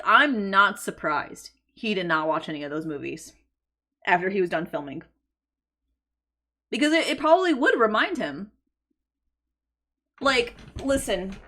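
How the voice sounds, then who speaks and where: A young adult woman streaming live, reacting excitedly and swearing casually as she talks to her chat. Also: mid-range voice.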